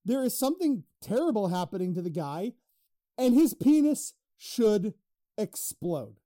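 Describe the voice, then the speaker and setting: A man's voice: high-pitched, very animated, unhurried, warm tone, no room sound. A man co-hosting a podcast in casual, profane banter, arguing and laughing, close on the mic. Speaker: podcast co-host.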